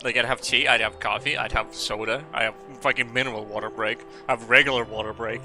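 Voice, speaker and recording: Bright-voiced laughing game streamer man. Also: mid-range voice, fairly even intonation, fast, soft background music. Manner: rambling, laughing, swearing freely. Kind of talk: casual gaming stream commentary.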